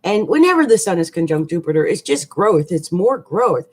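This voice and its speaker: With plenty of laughter and slangy asides, a woman astrologer chats animatedly and casually through a monthly forecast. Her voice sits on the low side, at a moderate pace.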